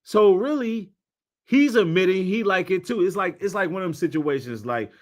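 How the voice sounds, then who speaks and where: A man commentating on video clips in a casual, mocking way, swinging between low mutters and loud outbursts. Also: lively intonation, moderate pace.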